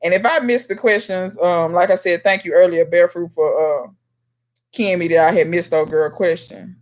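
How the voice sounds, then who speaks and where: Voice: mid-range voice, steady tone, normal speed. A home gardener hosting a casual live question-and-answer stream, chatting straight to viewers by name and scolding them in a teasing way. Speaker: livestream host and home gardener.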